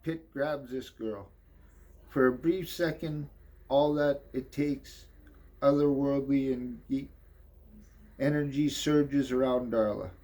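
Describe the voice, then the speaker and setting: Man, slow unhurried delivery, mid-pitched, casual comic reading, offhand asides. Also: mellow. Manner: slow, offhand, swears and ad-libs. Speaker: comic book narrator.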